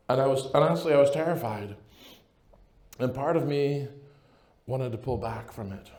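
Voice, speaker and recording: A man with a warm, mellow voice gives an earnest talk to a conference crowd. He speaks in a casual, personal way and keeps checking in with his listeners. The sound rings in a large echoey hall. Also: medium pitch, moderate pace, long pauses. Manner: earnest, conversational, keeps asking "right?". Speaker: priest.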